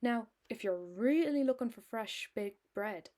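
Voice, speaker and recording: A woman's voice: a little high, expressive, a little slow, darkish tone. A woman voicing a talkative, motherly middle-aged landlady in a hammy Irish accent. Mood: chatty.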